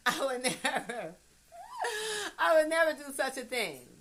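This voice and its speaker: A woman musing in a casual monologue, blunt and profane, swinging from hushed asides to emphatic loud bursts. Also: sits high, sing-song, unhurried, a little hiss or hum. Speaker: vlogger.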